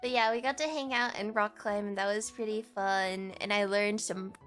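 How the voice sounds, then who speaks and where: A woman's voice: medium pitch, fairly even intonation, normal speed, fairly bright tone, faint music behind. A young woman streamer in a casual chat, rambling and giggly, full of slang.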